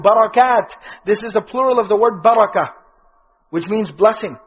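High-voiced, husky man teaching a lesson. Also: moderate pace, highs cut off. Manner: explanatory, asks and answers his own questions; fluent Arabic terms, repeats key phrases for emphasis. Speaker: Islamic teacher. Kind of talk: religious lecture explaining prayer words.

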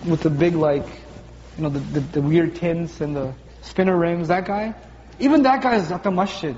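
Preaching to a young crowd at a Ramadan talk, this man keeps a moderate pace and a fairly high voice, joking throughout and slipping into funny voices to act out everyday moments; his pitch lifts when he presses a point. The hall adds a long reverb, leaving the sound a bit dull with faint room noise.

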